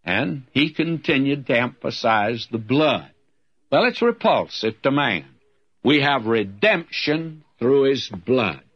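A man's voice: mid-range voice, very animated, slow, lo-fi sound. A man preaching a sermon in a folksy storytelling manner, calling the listener "my friend.". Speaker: radio Bible teacher.

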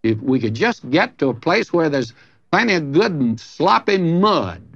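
A man's voice: on the high side, sing-song, a little slow, a bit bright, highs cut off, full character voice. A man voicing a greedy little male pig who loves mud, with a coaxing, folksy drawl.

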